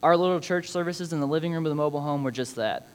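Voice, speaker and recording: A man's voice: fairly high pitch, racing, smooth. A young man gives a prepared personal speech about his father, reading scripture in an earnest, reflective way with touches of light humor. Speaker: speaker honoring his father.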